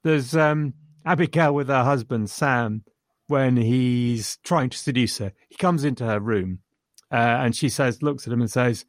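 A man's voice: medium pitch, unhurried, no room sound, clean studio sound. A man discussing a film with enthusiasm, retelling funny scenes and chuckling as he goes. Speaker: film reviewer.

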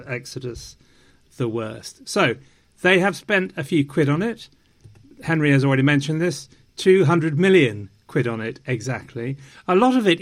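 Playful, theatrical man, slightly high voice. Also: fairly bright tone. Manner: theatrical, mock-indignant, playful with French phrases. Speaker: podcast host. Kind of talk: casual film review chat.

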